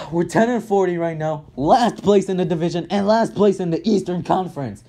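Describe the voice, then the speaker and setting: A man's voice: high-pitched, normal speed, mellow. A man ranting about his basketball team in an angry, heated way, swearing constantly and repeating himself. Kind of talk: angry sports rant.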